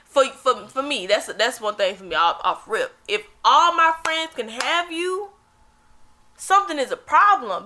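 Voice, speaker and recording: A woman's voice: sits high, lively intonation, a little slow, sharp tone. A young woman talking bluntly and emphatically in a casual chat, swearing freely.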